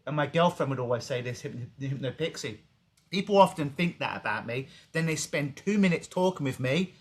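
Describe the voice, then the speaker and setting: A man's voice: mid-range voice, a little fast, husky. A man who is a clinical hypnotist, talking casually on a podcast interview over a video call and acting out the voices of people he quotes. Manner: animated storytelling, acts out quoted voices.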